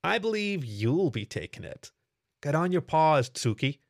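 A man voicing a sly, world-weary male coyote god in a story reading, with a dry, gruff, sardonic delivery. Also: fairly high pitch, big pitch swings, measured pace, fairly bright tone, no room sound, voice pushed up, exaggerated voice. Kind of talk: audiobook character voice.

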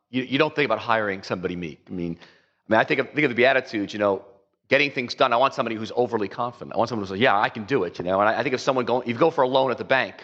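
A man's voice: medium pitch, a bit bright, muffled recording. A man preaching a conversational sermon as a pastor, rambling with many fillers and acting out quotes.

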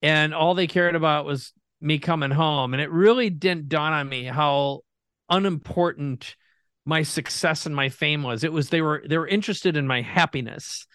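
A man from Minnesota telling his story as a guest entrepreneur in an earnest, animated way. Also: on the high side, moderate pace, clean tone, no room sound, studio quality. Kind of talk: conversational storytelling.

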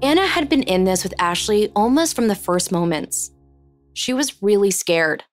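A woman hosting a podcast, narrating in a measured, reflective scripted style. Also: mid-range voice, lively intonation, faint music behind.

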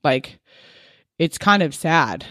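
A woman's voice: low voice, lively intonation, slow, fairly bright tone, no room sound. Woman, 30s, frank guest who rambles through personal chat; dry, close sound. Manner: frank, rambling, heavy use of "like".

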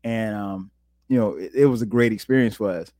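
A man from South Carolina hosting a podcast, telling stories in a relaxed, casual way and jumping up in pitch when he quotes himself. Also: a little fast, no echo, studio quality. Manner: animated, jumps high when quoting himself. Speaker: podcast host. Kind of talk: casual storytelling.

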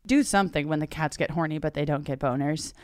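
A woman co-hosting a podcast in casual chat, joking and laughing often, now and then bursting into loud mock yells. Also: deep voice, no room sound, studio quality. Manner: giggly, jokey, quick bursts of loud mock yelling. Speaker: podcast co-host.

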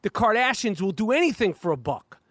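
A man's voice: high-pitched, big pitch swings, fairly quick, a bit bright, dry recording. A man hosting a casual podcast from his backyard, rambling and profane, with lots of stammering restarts. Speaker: podcast host. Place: backyard, outdoors. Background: dog barking.

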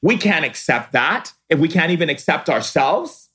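Man, spiritual talk, slow emphatic preaching, drawn-out words, acts out quoted voices. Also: a little high, sing-song, pushed and bright. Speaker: spiritual teacher.

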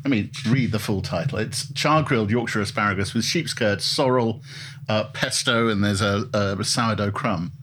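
A man's voice: fairly low pitch, normal speed, a bit bright, a little hiss or hum. A man hosting a casual interview, joking and teasing his guest with frequent ums and uhs. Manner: jokey, teasing, fillers and hesitations. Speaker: host.

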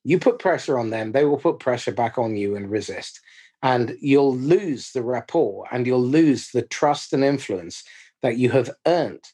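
A man's voice: medium pitch, expressive, unhurried, mellow, husky. A man hosting a podcast, summing up a guest's point with emphatic, blunt sales advice. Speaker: podcast host. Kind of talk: podcast conversation.

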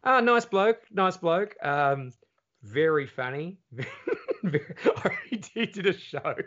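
A man with an Australian accent, a comedian guest telling lively, sweary anecdotes in casual podcast chat. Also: a little high, slow pace, muffled recording. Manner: lively anecdotes, swears freely, slips into voices.

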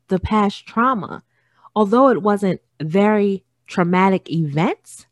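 On her solo podcast, a thirty-something woman talks earnestly about parenting, often repeating phrases to drive a point home. Her pitch is medium, and the recording is dry and studio quality, made with a studio microphone.

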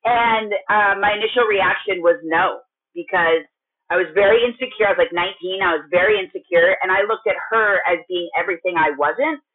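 Energetic woman on a tinny line. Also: medium pitch, fairly quick. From Minnesota. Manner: loud, energetic, chatty with many restarts. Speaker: guest, gym owner. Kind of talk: storytelling in a podcast interview.

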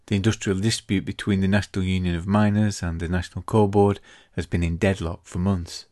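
A man as game master, narrating the opening of a tabletop game in a steady, dramatic way. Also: low-pitched, brisk, no echo, clean studio sound. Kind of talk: scripted scene-setting narration.

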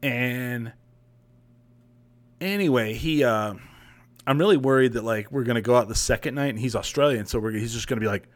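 A man's voice: mid-range voice, normal speed, pauses often. A young man hosting a podcast livestream, telling a long story in a rambling, profane, casual way. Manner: rambling, profane, animated retelling. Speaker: podcast host.

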